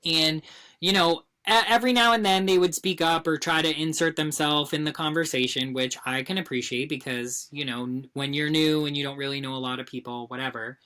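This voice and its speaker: Podcast co-host, woman, deep voice, chatty storyteller. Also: fairly quick. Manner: animated storyteller, breaks into laughter. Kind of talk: casual chat, storytelling.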